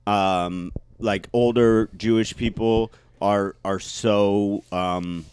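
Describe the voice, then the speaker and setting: A man's voice: lowish voice, fairly even intonation, extremely slow, a little mellow, smooth. A man co-hosting a comedy podcast, chatting and laughing as he tells stories. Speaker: podcast co-host. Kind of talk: casual comedic chat.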